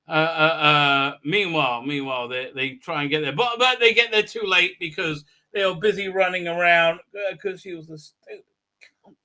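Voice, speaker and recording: A man's voice: high voice, expressive, normal speed, sharp tone. A man hosting a live stream recap, talking crudely and rambling with many fillers and restarts. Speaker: live show host.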